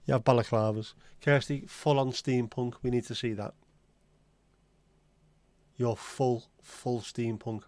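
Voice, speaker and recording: A man's voice: mid-range voice, fairly even intonation, a little slow, pauses often, darkish tone, dry recording. A man hosting a casual livestream, rambling and chatting as he answers viewer comments. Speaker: livestream host reading viewer chat. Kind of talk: casual chat.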